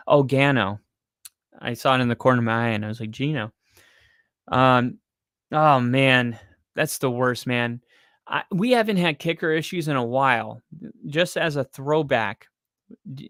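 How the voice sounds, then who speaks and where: Rambling excitable man talking football. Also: mid-range voice, clean tone, no room sound, clean studio sound. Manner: rambling and excitable, with frequent fillers. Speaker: podcast co-host. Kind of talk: casual sports chat.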